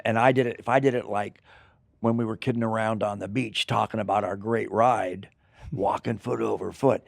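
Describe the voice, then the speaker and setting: An older man, an actor, telling rambling, animated stories in an interview, with acted asides. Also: lowish voice, vocal fry, no room sound, studio quality. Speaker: actor guest. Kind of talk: anecdotal interview storytelling.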